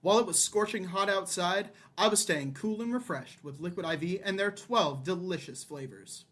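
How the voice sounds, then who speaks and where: A man's voice: high voice, normal speed, fairly bright tone. A man co-hosting a podcast, reading sponsor ads in an upbeat, salesy delivery. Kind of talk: mock sponsor read.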